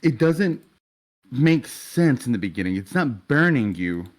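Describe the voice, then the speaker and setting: Casual, swearing young game master narrating. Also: male voice, medium pitch, big pitch swings, a little slow.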